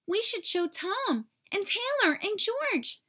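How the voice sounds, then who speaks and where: A woman reading aloud and voicing an eager, excitable little boy who exclaims his lines. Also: extremely high pitch, slow, pitched above the performer's own voice, exaggerated voice.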